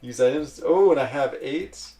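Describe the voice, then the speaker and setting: A man's voice: medium pitch, normal speed, warm tone, distant mic, soft background music. A man casually chatting on a live stream, reading out and answering chat messages in a rambling way. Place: lives in a village in Switzerland.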